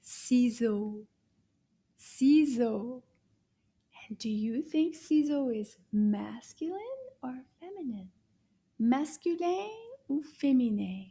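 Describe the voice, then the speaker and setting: A woman teaching a French lesson for children, speaking slowly and encouragingly, repeating words for the listener to echo and sometimes dropping to a soft whisper. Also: a little high, expressive, vocal fry, breathy edge. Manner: drops to soft whispers at times. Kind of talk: kids' language lesson.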